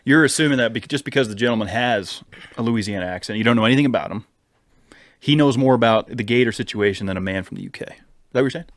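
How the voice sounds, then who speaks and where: A man's voice: medium pitch, quick pace, no echo. A man co-hosting a podcast in a casual chat, teasing and quizzing his co-host, recorded in a studio.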